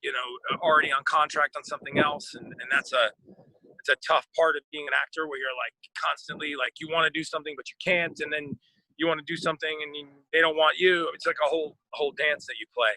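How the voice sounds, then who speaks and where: An American actor chatting casually in an interview, rambling with lots of fillers and restarts. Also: male voice, a little high, steady tone, quick pace, pushed and bright, no room sound, low-quality recording. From United States.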